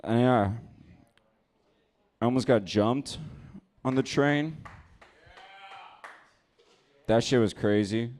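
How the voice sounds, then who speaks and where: A young man doing a stand-up set at a comedy club on a handheld mic, telling his stories in a laid-back deadpan way. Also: mid-range voice, slow, long pauses.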